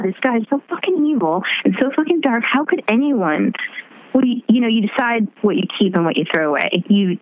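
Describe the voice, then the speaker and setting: A woman chatting casually on a podcast, animated and laughing, with her pitch swooping as she talks. The audio is slightly dull and muffled. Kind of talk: casual chat.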